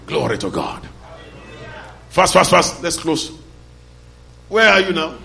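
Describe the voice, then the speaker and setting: Male pastor, raised gravelly voice, call-and-response sermon, music underneath. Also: fairly high pitch, big pitch swings, slow pace, poor audio. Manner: call-and-response, shouting bursts. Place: church hall. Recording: loud music and mains hum behind.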